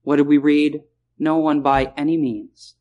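A man preaching a sermon in a chapel, repeating key phrases and slowing down to stress words. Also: a little high, flat delivery, warm tone, highs cut off.

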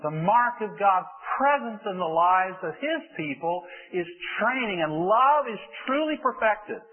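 A man telling a story in a sermon to children, animated and acting it out. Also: sits high. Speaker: preacher giving a children's talk. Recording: tinny phone-like sound.

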